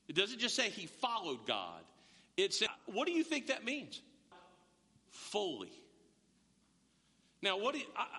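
A man's voice: high-pitched, sharp tone. A man preaching a sermon, chatty and quizzing the congregation with questions. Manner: conversational, rhetorical questions to the room. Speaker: pastor. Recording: long hall reverb.

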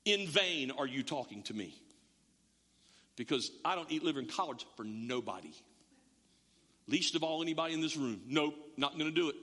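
A man's voice: on the high side, animated, moderate pace, pauses often, sharp tone. A male pastor giving a conversational sermon in a church, full of stammering restarts and joking asides. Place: church sanctuary. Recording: long church reverb.

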